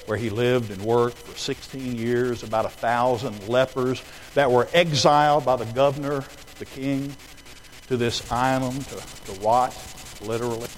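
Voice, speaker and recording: Guy preaching from the pulpit, goes quiet then loud and punchy, normal pitch, faint hiss behind him. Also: low-quality recording. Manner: swings from hushed storytelling to loud, emphatic appeals. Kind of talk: sermon. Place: church auditorium.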